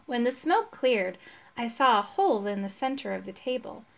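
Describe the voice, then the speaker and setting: A woman reading a children's chapter book aloud, telling the story in a lively, expressive way. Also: a little high, moderate pace, vocal fry. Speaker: storybook reader.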